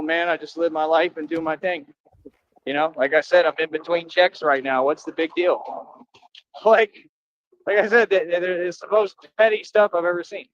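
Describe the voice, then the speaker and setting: A man's voice: high-pitched, fairly bright tone, muffled recording. A man livestreaming, talking to his viewers in a boastful, confrontational rambling monologue with slangy street talk.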